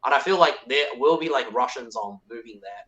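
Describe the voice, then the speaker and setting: Male caller from China, bright tone, filler-heavy rapid chatter. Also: medium pitch, lively intonation. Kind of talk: casual chat.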